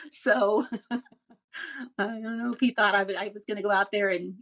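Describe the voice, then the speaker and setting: A middle-aged woman, a former radio news reporter, telling stories in a casual interview and laughing often. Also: medium pitch. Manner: animated storyteller who laughs often.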